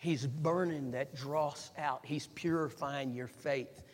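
A man preaching a sermon, repeating phrases and building up to shouts, and calling on the congregation to respond. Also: on the high side, steady tone, takes it slowly. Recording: long hall reverb.

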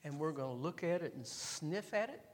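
Male pastor, high voice, emphatic swings from hushed to loud; reverberant hall sound. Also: animated, normal speed. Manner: emphatic preaching, dropping low then building to loud exhortation. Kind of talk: sermon.

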